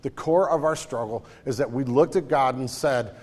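A man's voice: medium pitch, moderate pace, hardly any pauses, darkish tone, long reverb tail. A man, a pastor, preaching a conversational sermon and acting out voices in his stories.

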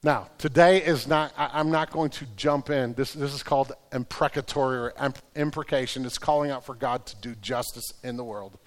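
A man preaching a sermon as the pastor, earnest and shifting between quiet reflection and loud, urgent prayer. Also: medium pitch, moderate pace, hardly any pauses. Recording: long hall reverb.

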